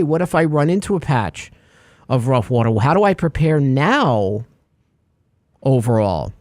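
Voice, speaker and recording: A man co-hosting a financial talk show, talking in a jokey, animated way and leaning on extended sea metaphors, tired from little sleep. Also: on the high side, no room sound, clean studio sound. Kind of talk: casual radio finance chat.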